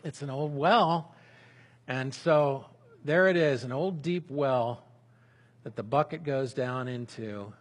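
A man preaches at mid pitch in an easygoing sermon, stopping to voice sample prayers as part of the lesson. His voice has a husky, slightly breathy grain. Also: slow. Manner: conversational preaching, with prayers spoken aloud as examples. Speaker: pastor.

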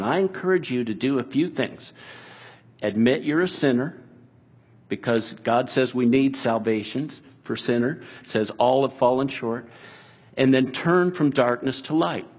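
A man preaching a sermon in an earnest, conversational way, dropping soft and slow at times. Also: medium pitch, slightly rough. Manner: earnest, conversational preaching with restarts and quiet, slowed passages. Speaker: pastor.

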